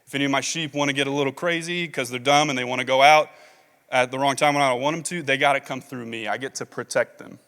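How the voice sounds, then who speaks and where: A man's voice: medium pitch, fairly even intonation, quick pace, a bit bright. A man preaching a sermon as pastor, talking casually with many fillers and reading scripture aloud. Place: large church hall. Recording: long reverb of a large hall.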